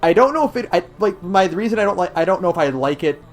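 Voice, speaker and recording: A man's voice: high voice, expressive, rapid-fire. A man co-hosting a podcast in casual chat, enthusiastic but hesitant in his phrasing. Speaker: podcast co-host.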